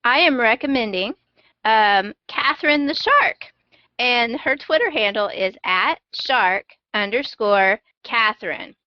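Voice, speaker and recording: A woman's voice: fairly high pitch, animated, slow pace, no echo. A woman co-hosting a podcast, sharing a recommendation upbeat with dry humor. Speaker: podcast co-host. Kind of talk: casual chat. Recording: dull lo-fi, dry sound.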